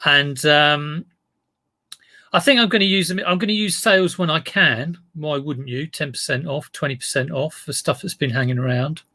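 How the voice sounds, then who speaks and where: A chatty man runs a casual live stream from home, greeting viewers one by one and wandering off into side stories. His voice sits a little high for a man, close on a desk mic with a dry, dead sound. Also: moderate pace, pushed and bright, dry recording. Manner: chatty, greeting viewers by name, rambling asides. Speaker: online reseller streaming live. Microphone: desk mic in front of him.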